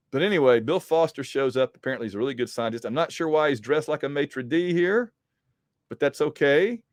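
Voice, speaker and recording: A man's voice: mid-range voice, a little mellow, clear, resonant tone, no room sound. Rambling man recapping comics, dry sound. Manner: rambling, with frequent ums and restarts. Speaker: comic book podcast host.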